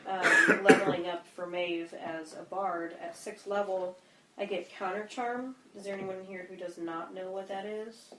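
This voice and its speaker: A woman's voice: medium pitch, steady tone, a little slow, sharp tone, slight background noise. A woman playing a tabletop game, reading her ability rules aloud. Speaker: player. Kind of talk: casual tabletop game chat. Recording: roomy room echo.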